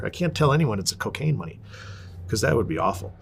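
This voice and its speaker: A man as an interview guest, telling his story in a casual, animated and blunt way, swearing freely. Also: on the low side, fast, creaky, a little hiss or hum.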